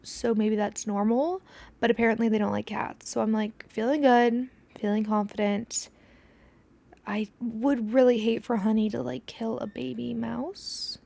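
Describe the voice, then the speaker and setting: A woman's voice: fairly high pitch, fairly even intonation, measured pace, vocal fry, warm tone, dry recording. A young woman hosting a podcast, telling a story in casual chat, swearing freely and dropping to a whisper when she acts out scenes. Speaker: podcast host.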